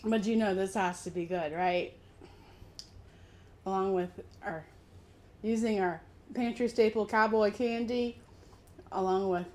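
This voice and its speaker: A middle-aged woman hosting a home cooking video, calmly walking through each step in a friendly, instructional way. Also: mid-range voice. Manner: friendly instructional, talks with mouth full. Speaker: cooking channel host.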